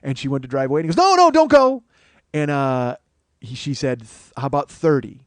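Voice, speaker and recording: A man's voice: mid-range voice, fairly even intonation, quick pace, a little mellow, no room sound. A man, a comedian hosting his own show, telling a long story and acting out the other people's voices. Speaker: comedian host. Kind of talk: storytelling monologue.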